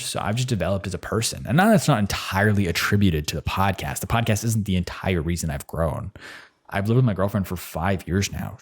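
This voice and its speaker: A man's voice: sits low, slightly rough. A man in his twenties talking casually on his own podcast, rambling with lots of fillers. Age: 20s. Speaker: podcast host. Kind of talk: solo podcast monologue.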